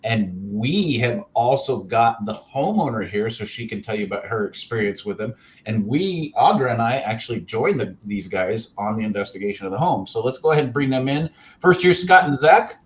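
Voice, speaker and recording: A man with a mid-range voice hosts the show, introducing guests in an even, friendly way. A faint noise sits under his voice. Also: medium pitch, moderate pace, few pauses, rough recording. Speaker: host.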